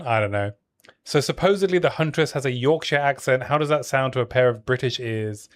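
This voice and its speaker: Streaming a video game, a man chats casually in a mid-range voice at a fairly quick clip. He jokes around and lets his sentences trail off into fillers, keeping it to relaxed gameplay talk.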